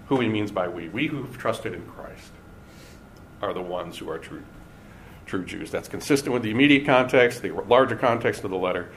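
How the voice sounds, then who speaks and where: Male Bible teacher, measured lecture delivery, faint background hiss. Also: fairly low pitch, fairly bright tone. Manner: deliberate, stresses key words with pauses.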